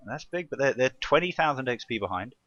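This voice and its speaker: A man's voice: medium pitch, animated, quick pace, dull audio, a crowd in the background. A man with an English accent doing casual, joking co-commentary on an esports match. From England. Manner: chatty and joking.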